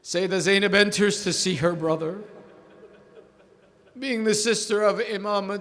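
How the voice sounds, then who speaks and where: A man preaching a mourning sermon, building from a slow, low telling to a loud, wailing lament. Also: level tone, slight background noise. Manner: quotes figures in a pleading voice without acting them out.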